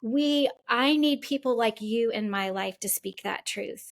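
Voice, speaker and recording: Effusive, emotional woman, slightly high voice. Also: measured pace. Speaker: podcast co-host. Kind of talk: casual podcast conversation.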